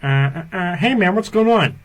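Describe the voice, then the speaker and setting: Brash, foul-mouthed cartoon father done by a man as an impression, voice pitched a little high. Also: lively intonation, normal speed. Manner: brash, profane, jokey. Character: male cartoon dad, loud and crude. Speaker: online video chat prankster. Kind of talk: voice impression on video chat.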